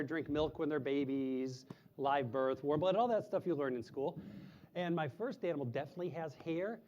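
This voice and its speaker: Man, animal presenter, chatty, explains simply to kids, slightly high voice, muffled lo-fi sound. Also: darkish tone, a little hiss or hum. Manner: imitates owl hoots in a high voice. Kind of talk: live animal show for kids.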